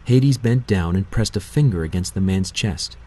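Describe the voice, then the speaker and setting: A man narrating a novel in a measured, steady audiobook reading. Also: low-pitched, slightly rough, poor audio.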